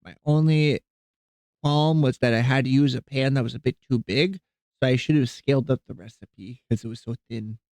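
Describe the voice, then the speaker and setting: A man's voice: mid-range voice, moderate pace, gravelly, dry recording. A man streaming live, rambling casually to his viewers about cooking, with frequent fillers and restarts. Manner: rambling, easygoing, chatting with viewers while cooking; softens and coos when talking to his cats.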